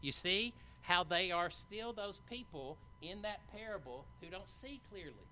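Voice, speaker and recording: A man preaching a sermon, retelling a Bible passage with animated, acted-out quotes and casual asides. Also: high voice, a little slow, slight background noise. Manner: animated Bible storytelling, acting out quoted lines; conversational asides with fillers.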